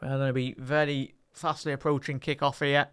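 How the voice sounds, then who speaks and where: A young man with a Liverpool accent doing a live watch-along of a football match, talking casually with his chat and lifting into quick play-by-play when the ball is in play. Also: mid-range voice, little pitch movement, fairly bright tone, clear, resonant tone, no room sound, studio quality. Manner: chatty, reads live chat aloud and lifts into play-by-play calls.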